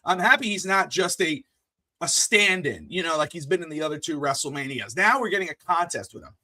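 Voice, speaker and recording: A man co-hosting a podcast, chatting with an excitable, animated delivery. His voice sits high and sounds bright and sharp. The recording is dry and close. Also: a little fast, no echo. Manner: excitable, animated, with playful bursts. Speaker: podcast co-host. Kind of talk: casual wrestling podcast chat.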